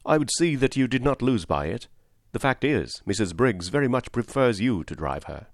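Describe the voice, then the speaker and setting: A man reading the part of a well-off gentleman who coaxes politely. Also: mid-range voice, sing-song, moderate pace, no room sound, clean studio sound, pitched above the performer's own voice. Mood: coaxing. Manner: polite, coaxing. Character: well-off male gentleman customer, persuasive.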